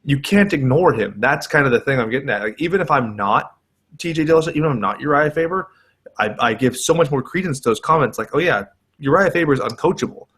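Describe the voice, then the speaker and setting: A man with a mid-pitched voice talks on a casual podcast. He is wordy and sardonic and swears often. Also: animated, fast, a bit bright, husky. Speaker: podcast co-host.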